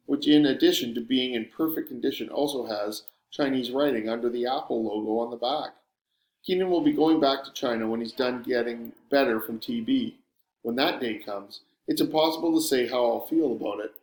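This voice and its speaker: A man narrating a first-person story with a sardonic, wry edge, at a middle pitch for a man. The recording has a clearly roomy echo around the voice. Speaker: audiobook narrator.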